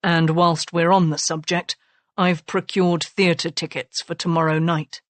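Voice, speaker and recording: A woman voicing a blunt, self-made Regency husband who speaks low and soft with dry command, in an audiobook. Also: flat delivery, measured pace, no echo, lightly acted.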